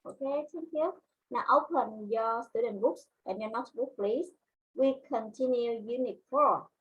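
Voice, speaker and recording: Vietnamese-accented woman, English teacher, husky voice, unhurried classroom delivery. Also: on the high side, rough recording. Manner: slow, deliberate, repeats words for learners. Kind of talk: classroom lesson.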